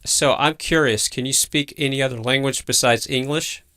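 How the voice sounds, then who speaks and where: A man hosting a livestream, casually quizzing his AI companion with curious, halting questions. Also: medium pitch, bright, forceful tone. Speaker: livestream host. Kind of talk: casual live chat.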